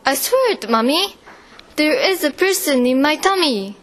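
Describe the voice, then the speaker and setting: Woman doing a shrill, pleading little child. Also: expressive, normal speed, fairly bright tone. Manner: high, pleading and emphatic. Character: small insistent pleading child.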